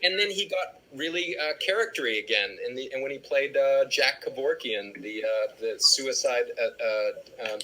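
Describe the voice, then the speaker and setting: A man's voice: medium pitch, normal speed, few pauses, bright, forceful tone, slight background noise, rough recording. A man actor on a fan panel, talking casually and hesitating with many fillers.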